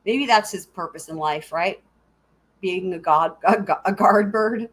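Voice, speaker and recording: A woman's voice: on the low side, a little slow. A woman hosting a live stream, chatting casually and giggling as she answers her viewers.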